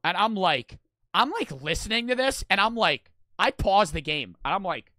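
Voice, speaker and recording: Animated rambling young man streamer. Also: sits high, normal speed, no echo. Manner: rambling, animated, swears a lot. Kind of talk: casual stream storytelling.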